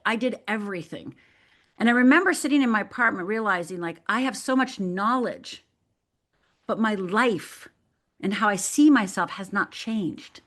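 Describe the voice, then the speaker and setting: A woman's voice: medium pitch, brisk, fairly bright tone. A woman from Michigan, a life coach and guest on a radio interview, telling a personal story vividly and acting out the voices of the people in it. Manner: vivid, dramatic storyteller who acts out quoted voices.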